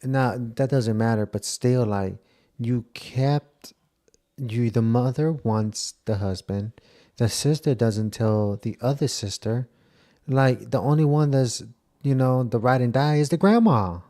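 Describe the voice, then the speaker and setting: A man's voice: mid-range voice, slow pace, dark tone. A man giving blunt, casual reaction commentary, with swearing and stop-start phrasing. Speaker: reaction video host.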